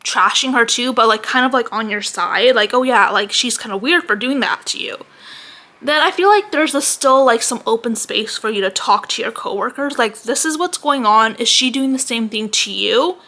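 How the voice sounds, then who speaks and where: Young woman vlogger, high bright voice, animated sweary rant, slightly out of breath. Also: normal speed. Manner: animated, heavy use of "like", swearing. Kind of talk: casual ranting vlog.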